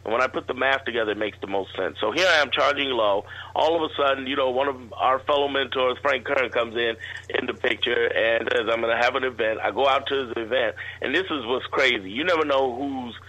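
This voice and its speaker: A man's voice: mid-range voice, fairly quick, bright, forceful tone, low-quality recording. A man, a guest entrepreneur, telling a rambling anecdote in a casual interview.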